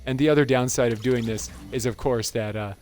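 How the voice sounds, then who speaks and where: A man's voice: mid-range voice, fairly quick, a little mellow. A man hosting a gaming channel, giving casual gameplay commentary in an amused, chatty way and laughing often.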